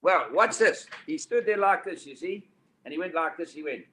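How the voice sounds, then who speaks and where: A man in his eighties with a South African accent, telling anecdotes as an interview guest in a lively, animated way. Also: sits high, normal speed, a little hiss or hum. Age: 80s. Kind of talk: storytelling interview. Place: indoor studio couch.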